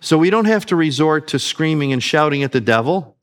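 A man's voice: a little high, lively intonation, a little fast. A man preaching a sermon, earnest, calling his listeners family and asking them questions.

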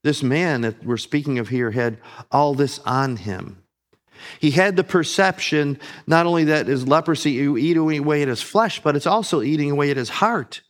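A man preaching a sermon, earnest, rising on emphasis and dropping soft and low on solemn lines. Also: normal speed.

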